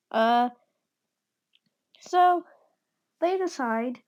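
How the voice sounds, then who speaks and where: A woman's voice: high-pitched, slow, long pauses. A young woman casually improvising a fan story, rambling and stumbling with many fillers and some whispered asides. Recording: dull lo-fi recording.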